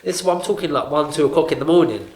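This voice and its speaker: A man's voice: a little high, very fast. A young man, a podcast co-host, telling a story in casual chat, full of "like" and acting out what others said. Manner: animated, heavy on fillers, acts out what others said. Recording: roomy echo.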